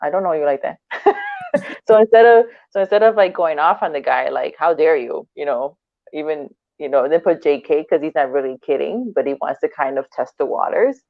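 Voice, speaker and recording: Low-voiced woman on a tinny line. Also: expressive, normal speed, vocal fry, no room sound. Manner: laughs often, acts out quoted dialogue. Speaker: podcast co-host. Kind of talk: casual chat. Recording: dry, tinny phone-like line.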